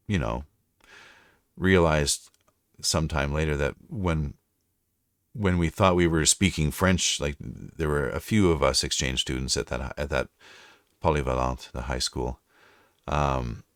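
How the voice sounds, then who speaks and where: Here a Canadian livestreamer who also does voice-over narration talks casually in a bass voice, chatty and rambling, with the odd switch into French. The audio is studio quality, with no room sound.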